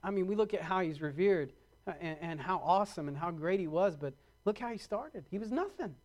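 Male pastor, middle-aged, high voice, preaches with mounting emphasis. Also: expressive, darkish tone. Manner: preaching with rising emphasis and quick acted-out asides. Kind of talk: sermon.

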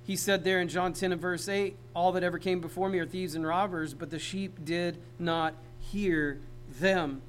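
A man's voice: sits high, steady tone, normal speed, few pauses, a little hiss or hum, poor audio. A man preaching a sermon in a casual, conversational way, often asking the congregation questions. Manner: conversational, talks straight to the congregation. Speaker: pastor.

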